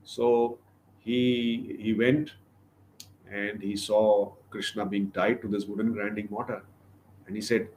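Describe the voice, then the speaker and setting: A man giving a livestreamed religious class, retelling a scripture story in a thoughtful, halting way with many fillers. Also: lowish voice, steady tone. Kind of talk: sermon storytelling. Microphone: livestream microphone.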